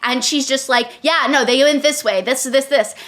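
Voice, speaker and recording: A woman co-hosting a casual book podcast, with a high voice. Her commentary is sarcastic and incredulous as she picks apart the story. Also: normal speed, fairly bright tone. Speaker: podcast co-host. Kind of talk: casual book-critique chat.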